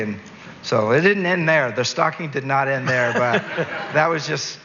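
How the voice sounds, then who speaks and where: A Canadian man in an interview, telling a rambling, animated story and laughing at his own jokes. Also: medium pitch, unhurried. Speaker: entertainer and guest. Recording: dull recording with long reverb, faint noise.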